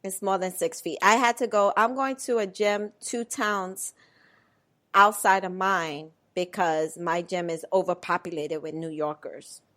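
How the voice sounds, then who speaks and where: A woman's voice: fairly low pitch, fairly even intonation, unhurried, pushed and bright. A young woman co-hosting a podcast, teasing her friend and laughing through her stories in casual chat. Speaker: podcast co-host.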